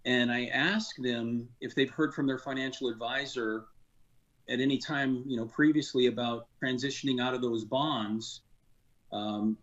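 A man of medium pitch, heard through a muffled recording, appears as a financial advisor guest on a radio program. Formerly an industry insider, he speaks casually yet earnestly, his frustration showing in frequent fillers and restarts.

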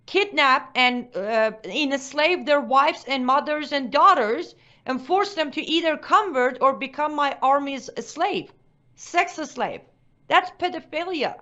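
A woman's voice: sits high, pushed and bright. A woman guest on a talk show who states her views emphatically and firmly. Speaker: guest commentator. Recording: dull lo-fi sound.

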